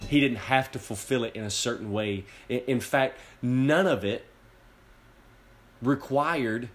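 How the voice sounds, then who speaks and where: A man's voice: medium pitch, a little slow, slight background noise. A man preaching a sermon, emphatic and earnest, often stumbling over repeated words as he builds his point. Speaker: pastor.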